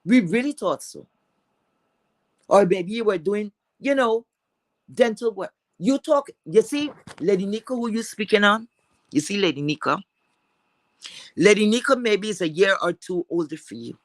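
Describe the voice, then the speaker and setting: Caribbean woman streamer, mid-pitched voice, scornful mocking rant, dry sound. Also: animated, moderate pace, long pauses, no room sound, low-quality recording. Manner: repeats words for emphasis. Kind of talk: angry rant to viewers.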